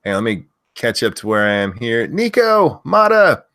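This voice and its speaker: A man hosting a casual livestream who loudly yells out viewers' names, then drops back into loose, swearing chatter. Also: lowish voice, level tone, brisk, clean tone. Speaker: livestream host.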